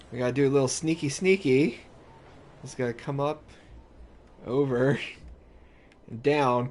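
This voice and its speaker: A man giving casual let's-play commentary, rambling and thinking aloud with restarts as he plays. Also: medium pitch. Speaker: gaming YouTuber.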